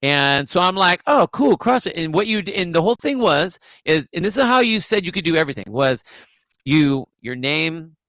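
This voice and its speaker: Bright, crisp-voiced man telling stories. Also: fairly high pitch, lively intonation, normal speed, dry recording. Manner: rambling, restarts, storytelling. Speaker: podcast co-host. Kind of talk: casual chat.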